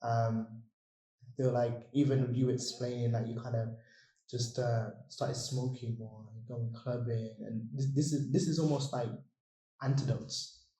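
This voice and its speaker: A man hosting a podcast, calmly affirming his guest and reflecting back what she said. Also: mid-range voice, unhurried. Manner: calm, affirming listener. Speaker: podcast host. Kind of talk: casual podcast interview. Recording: echoey room.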